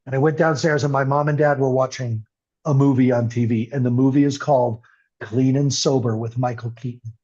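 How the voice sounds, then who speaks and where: A man's voice: mid-range voice, steady tone, a little fast, a little mellow. An older man telling his recovery story as an interview guest, earnest and emotional. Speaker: podcast guest. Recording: muffled lo-fi audio.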